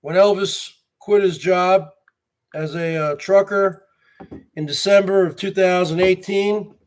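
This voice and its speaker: A man's voice: high-pitched, fairly even intonation, unhurried. A man hosting a livestream, ranting in an indignant, repetitive and emphatic way. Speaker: livestream host.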